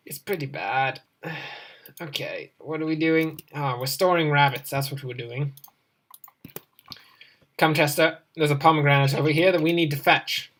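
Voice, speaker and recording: A woman with a lowish voice for her sex narrates her gameplay in a loose, joking ramble. She keeps talking to a companion creature in the game, drifting from topic to topic in casual commentary. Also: fairly even intonation, moderate pace. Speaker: let's play host.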